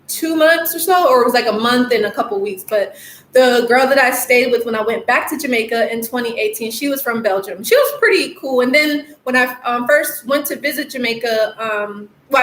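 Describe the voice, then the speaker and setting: A woman's voice: a little high, a bit bright. A woman coaching viewers on a casual live stream, rambling with many fillers and laughing often as she reads comments. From United States. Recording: echoey room with faint noise.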